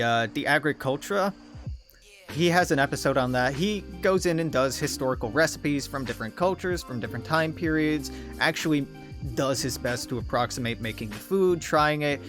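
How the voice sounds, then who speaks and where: A man at his home streaming desk talks through a game in a loose, rambling way. He swears freely and wanders off topic in a mid-range, unremarkable voice. Quiet game music plays faintly in the background. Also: mid-range voice. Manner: rambling, digressive and profane. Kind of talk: casual rambling gameplay commentary.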